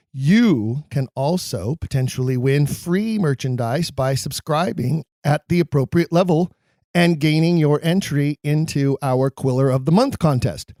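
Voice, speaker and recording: A man's voice: mid-range voice, warm tone, no echo, clean studio sound. A man hosting a podcast, reading show announcements in an upbeat, promotional way. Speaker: podcast host.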